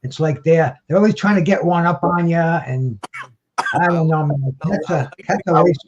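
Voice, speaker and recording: A man with a somewhat high voice rambles through a casual chat, repeating and restarting his words and cursing offhand. His sound comes through dull and lo-fi, like a video call. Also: normal speed, heavy background noise. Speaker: guest on a boxing talk show.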